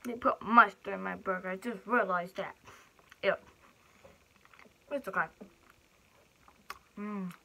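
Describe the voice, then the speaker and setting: A woman's voice: mid-range voice, slow, gravelly, long pauses, sharp tone. A young woman chatting and laughing while she eats on camera for her vlog. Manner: chatty, giggly, talks while chewing. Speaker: mukbang vlogger. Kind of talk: casual eating vlog.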